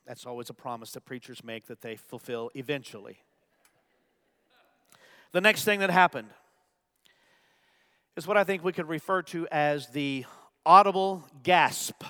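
A man preaching a sermon, swinging from loud, emphatic bursts to hushed, near-whispered lines. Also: sits high, clear, resonant tone, in a large hall. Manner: acts out gasps for effect. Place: church.

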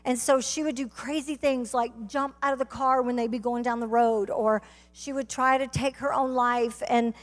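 A woman with a Southern US accent giving a fervent testimony sermon as a guest speaker, telling her story and building to shouts. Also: a little high, fairly even intonation, moderate pace, few pauses. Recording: reverberant hall.

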